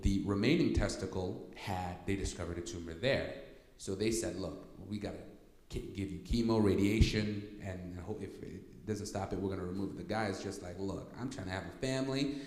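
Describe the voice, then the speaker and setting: A man with a fairly low voice tells a story to a workshop audience. He is animated and keeps asking the room to follow along. The sound is roomy, with a long reverb from a church hall. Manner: animated, repeats "okay?" to check in with listeners. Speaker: workshop speaker.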